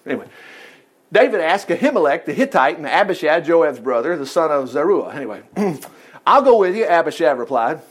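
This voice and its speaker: A man preaching a folksy, animated sermon, reading scripture, acting out the quoted lines and laughing often. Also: on the high side, brisk, breathy edge.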